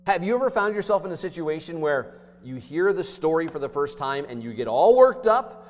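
A man's voice: fairly high pitch, big pitch swings, a little fast. Emphatic male preacher in a reverberant hall. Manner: emphatic preaching, swinging between loud and hushed. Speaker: pastor. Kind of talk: sermon.

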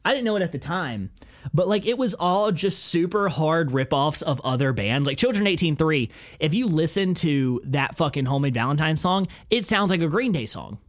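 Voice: medium pitch, lively intonation, moderate pace. A podcast host in casual chat, rambling, swearing freely and laughing often.

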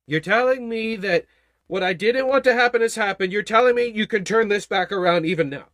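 A man acting out a desperate grieving father who pleads with God in a high, strained, rushed voice. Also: a bit bright, no echo, clean studio sound. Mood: bewildered.

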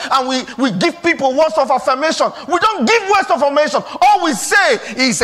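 Nigerian pastor guy preaching, really high bright voice, swings from soft to shouting. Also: animated, a little fast, few pauses. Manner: preaching with rising shouts and pleading questions. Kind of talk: sermon.

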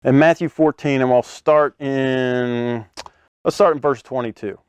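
A man preaching a conversational sermon, animated, acting out scenes with sudden loud bursts and laughing often between phrases. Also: mid-range voice, measured pace, clear, resonant tone, dry recording.

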